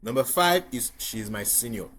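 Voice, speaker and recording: A man's voice: medium pitch, animated, normal speed, fairly bright tone, a little hiss or hum. A man with a Nigerian accent, an IELTS tutor teaching to camera with emphatic repetition and frequent checks on the listener. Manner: emphatic, repeats key points, asks the viewer if they follow.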